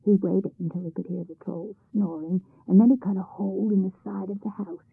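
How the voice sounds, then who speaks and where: A woman narrating a folk tale in a lively, expressive reading. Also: medium pitch, a little fast, vocal fry, slightly rough, no room sound. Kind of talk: storybook narration. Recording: tinny phone-like sound.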